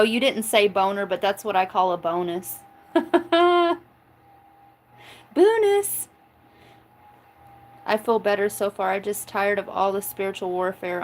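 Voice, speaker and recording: A woman's voice: mid-range voice, level tone, moderate pace, a little hiss or hum, low-quality recording. Laughing, foul-mouthed woman chatting live. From Oklahoma. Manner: laughs often, swears freely, chatty and joking. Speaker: tarot reader reading live chat. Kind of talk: casual livestream chat.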